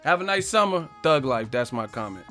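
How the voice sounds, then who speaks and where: A man's voice: on the high side, expressive, a little fast, fairly bright tone, soft background music. A man hosting a boxing live stream, ranting casually and profanely, joking and mocking stiff interviewers with put-on voices. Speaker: boxing channel host.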